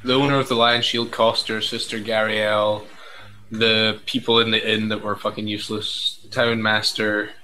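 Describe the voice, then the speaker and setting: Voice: medium pitch, flat delivery, moderate pace, sharp tone, slight background noise, poor audio. A player at a tabletop game, chatting casually and easily amused.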